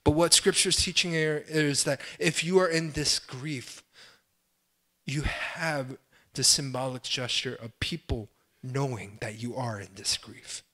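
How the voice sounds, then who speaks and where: A young adult man, a pastor, preaching a sermon with impassioned swells and pleading cries, then dropping to quiet, self-deprecating asides. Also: mid-range voice, a little slow.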